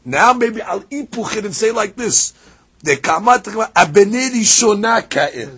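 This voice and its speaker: A man's voice: high voice, moderate pace, slightly rough. A man teaching a Talmud lesson, explaining a passage back and forth and reading out Aramaic lines between English explanations. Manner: animated, rises sharply on key points.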